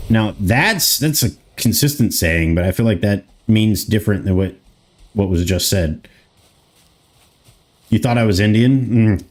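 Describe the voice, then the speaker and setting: A man's voice: on the low side, animated, a little slow, pauses often, a little mellow. An American man around thirty, streaming a game and chatting loosely with his viewers, rambling and swearing casually. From United States. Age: 30s. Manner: rambling, talks back to chat, swears casually. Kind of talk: casual gameplay commentary reading chat.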